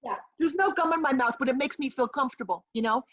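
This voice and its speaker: A woman with a high, husky voice improvises a comic scene, brash and rambling, her delivery dry and deadpan. The sound is dull and lo-fi, like audio from a video call. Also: fast talker. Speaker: improv performer.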